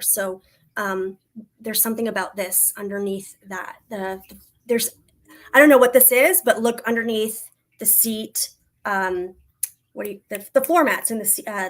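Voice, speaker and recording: Woman, psychic medium on a livestream, mid-pitched, halting and soft, lots of fillers and restarts. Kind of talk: livestream reading and Q&A.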